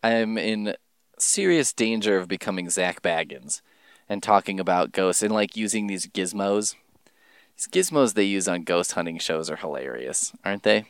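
A man rambling casually in a solo podcast monologue, swearing and jumping his pitch for emphasis. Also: normal speed, clean tone, dry recording, clean studio sound.

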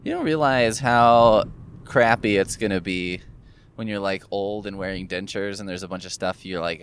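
A man's voice: deep voice, moderate pace, slight background noise. A man talking casually to camera in a rambling, musing monologue, sore from recent gum surgery, swearing offhandedly as he thinks aloud. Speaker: vlogger. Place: in a car.

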